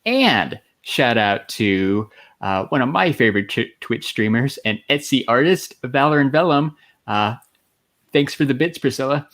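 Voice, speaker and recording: A man co-hosting a casual podcast, upbeat as he reads out shout-outs. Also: mid-range voice, lively intonation, a little slow. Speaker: podcast co-host. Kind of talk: casual chat.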